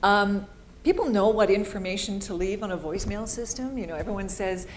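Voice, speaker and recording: A woman's voice: medium pitch, fairly quick, a little hiss or hum. A woman voice-over artist answering audience questions at a live panel, chatty and upbeat, laughing easily.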